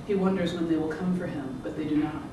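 An author giving a measured, rhythmic public reading of their own fiction. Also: mid-range voice, fairly even intonation. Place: event room. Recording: echoey room, distant mic, background noise.

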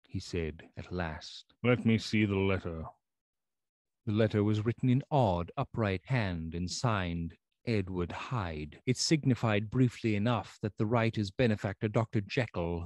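A man narrating a classic novel in a steady, unhurried reading. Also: lowish voice, no echo. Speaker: audiobook narrator.

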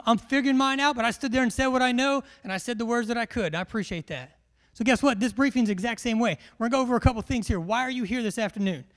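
A man leads a military class through a briefing. His voice sits unusually high for a man. He jokes, teases and fires questions at the crowd with lively energy. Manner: joking, animated, quizzes the crowd. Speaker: military education instructor. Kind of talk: humorous briefing to a large class.

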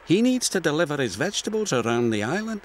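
British man voicing a chirpy storybook girl engine, high-pitched and quick. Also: sing-song, slight background noise. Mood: helpful. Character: cheerful young female tank engine.

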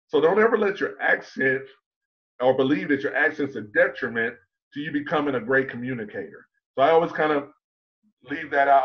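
This man's voice sits in the mid-range as he coaches public speaking during an online conference talk. He's emphatic, leans on rhetorical questions, and slows to underline key points, while the audio has its highs cut off.

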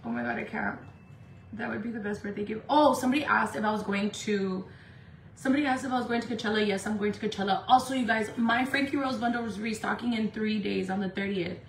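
A woman from Indio, California, chatting casually on a makeup livestream from home, talking fast and loose, swearing freely and saying "like" a lot. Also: medium pitch, vocal fry, distant mic. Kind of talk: casual live-stream chat. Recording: echoey room with faint background noise.

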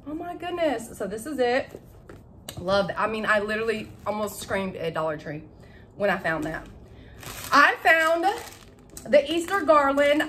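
A young woman with a drawl talks through her shopping haul at home, gushing and excitable. Her voice sits a little high, and she giggles at her own tangled words. A faint hiss of room noise runs under the recording. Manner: chatty and excitable, laughs at her own word slips. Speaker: vlogger showing a shopping haul. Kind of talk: casual chat to camera.

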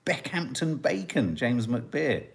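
Chatty man, lively pitch. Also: slow pace, creaky. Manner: chatty, jokey, musing aloud. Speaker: host of a family livestream. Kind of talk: casual live chat, reading out viewer comments.

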